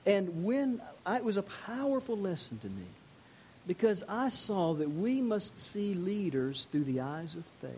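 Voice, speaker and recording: An older male pastor delivers a sermon in a slightly high voice, moving from hushed, personal storytelling to slow, emphatic declarations. A faint hiss sits under the recording. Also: sing-song, poor audio. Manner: storytelling preacher, shifting between quiet intimacy and emphatic declarations.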